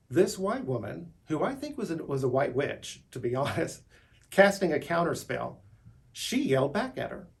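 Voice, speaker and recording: A middle-aged man talking in a rambling, unscripted monologue, restarting words and pushing his voice upward when he gets worked up. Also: on the high side. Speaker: vlogger.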